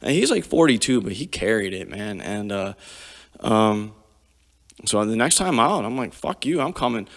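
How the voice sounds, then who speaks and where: A man's voice: fairly low pitch, sing-song, moderate pace. A man in his forties, a podcast guest, telling army stories in a profane, vivid, casual way. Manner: profane, vivid storytelling with frequent swearing. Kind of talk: casual storytelling. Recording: long hall reverb.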